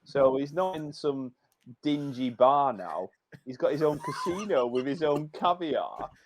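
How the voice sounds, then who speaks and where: Lively, teasing male podcast co-host. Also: on the high side, unhurried, noisy background. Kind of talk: casual film chat.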